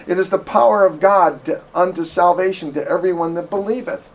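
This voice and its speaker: A man preaching a sermon with a fairly high voice. He talks with passion and emphasis, pushing some lines out loudly and letting others drop low and quiet. The sound is of a church service. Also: fairly quick, highs cut off. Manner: impassioned, emphatic, swings from loud to quiet.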